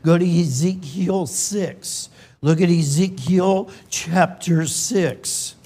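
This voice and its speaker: A man from California preaching a sermon, slow and emotional, swinging from loud emphasis to hushed, near-whispered lines. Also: high voice, husky.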